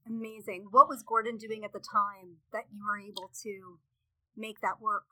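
A woman's voice: medium pitch, level tone, moderate pace, bright, forceful tone, no room sound, rough recording. A woman hosting an interview, effusive and reactive to her guest. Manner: effusive and reactive, gasps and laughs along. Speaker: podcast host. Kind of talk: casual conversational interview.

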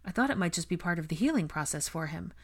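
A woman's voice: on the low side, lively intonation, fast. A woman voicing an anxious, caring young woman in a storybook reading, earnest and close to tears.

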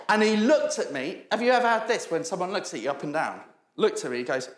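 With a high voice, big pitch swings, and a brisk pace, a man preaches in an echoey church hall. His sermon is made of funny stories in which he acts out each person's voice, and he laughs often.

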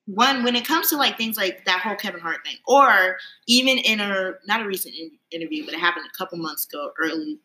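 Chatty young woman, bright voice. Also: mid-range voice, expressive, a little fast, few pauses, poor audio. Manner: rambling, laughs often, says "like" a lot. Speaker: podcast co-host. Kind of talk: casual chat.

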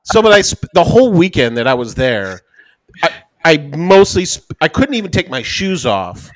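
A man co-hosting a podcast, telling a profane, animated anecdote in casual chat. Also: a little high, no room sound. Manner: animated, profane, fast-rambling anecdote with acted-out quotes. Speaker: podcast co-host.

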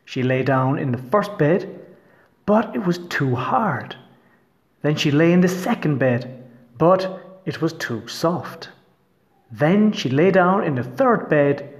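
A man reading a fairy tale aloud in an expressive, storytelling manner. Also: a little high.

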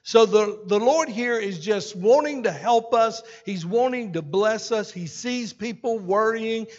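A man's voice: sits high, unhurried. A man preaching a sermon as senior pastor in a church, folksy and conversational, with asides to his congregation. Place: church sanctuary. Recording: dull sermon recording with long hall reverb.

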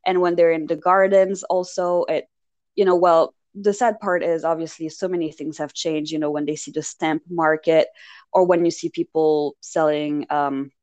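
A woman's voice: sits low, fairly even intonation, normal speed, darkish tone, no room sound. A woman co-hosting a podcast, chatting casually and rambling about a film with lots of fillers and asides. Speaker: podcast co-host. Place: lived in Paris.

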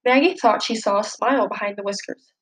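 A woman reading a children's picture book aloud, gently expressive and lifting her voice for the characters' lines. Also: medium pitch, a little fast, rough recording. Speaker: storybook reader.

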